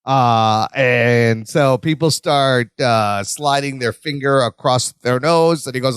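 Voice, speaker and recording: A man's voice: medium pitch, slow pace, few pauses, smooth, no echo, studio quality. A man in his forties co-hosting a podcast, joking and acting out lines as he recaps a sitcom episode. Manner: animated, jokey, acts out quotes. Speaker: podcast co-host.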